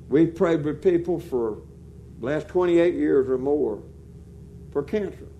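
A man, preaching a sermon in a folksy, animated way that rises to loud emphatic peaks. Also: on the high side.

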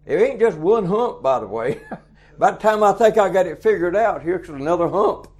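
A man's voice: high voice, lively intonation, normal speed, darkish tone. A man preaching a folksy sermon, chuckling often and acting out little dialogues. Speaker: truck stop preacher.

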